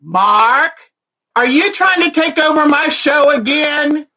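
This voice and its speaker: A woman's voice: high-pitched, expressive, takes it slowly, sharp tone. A woman hosting a quilting show in casual livestream chat, chatty and often giggling. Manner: chatty, giggly, chuckles between words.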